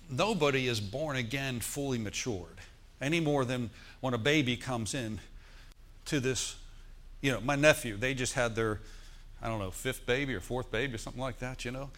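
A man's voice: medium pitch, moderate pace, a bit bright. Man preaching to his congregation. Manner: preaching with call-and-response questions to the congregation. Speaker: pastor. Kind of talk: sermon. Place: church.

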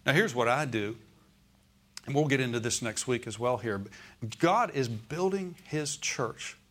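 A man's voice: mid-range voice, animated, measured pace, fairly bright tone. A male pastor preaching a Sunday sermon in a church, often calling out "Amen?" and "Okay?" to the congregation.

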